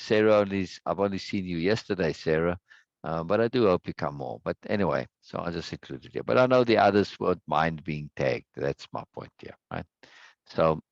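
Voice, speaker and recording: A man hosting a live stream and chatting casually with viewers. He rambles, repeats words and greets people warmly. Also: deep voice, creaky, no echo, muffled recording. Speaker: livestream host.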